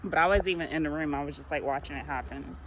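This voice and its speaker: A woman's voice: sits low, quick pace, fairly bright tone, slight background noise, low-quality recording. A woman vlogger chatting casually while walking outdoors, rambling through her stories and laughing often. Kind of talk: casual chat.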